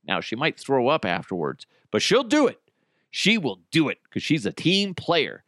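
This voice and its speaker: A man's voice: mid-range voice, wildly swooping pitch, moderate pace, fairly bright tone, no room sound, clean studio sound. Rambling, joking male podcast host. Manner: rambling, joking, self-deprecating, swears a lot. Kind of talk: rambling solo comedy podcast.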